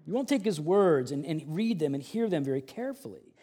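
A man in his forties delivers a sermon, his voice sitting high for a man. He is animated, slipping into mocking impressions and dropping suddenly from forceful to hushed. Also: brisk. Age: 40s. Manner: animated, acts out mocking quotes, swings from loud to hushed. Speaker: pastor.

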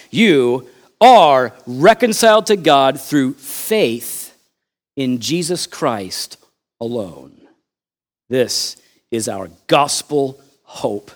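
A male pastor preaching a sermon, animated and conversational, swinging between loud emphatic lines and quiet asides, joking with the congregation. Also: a little high.

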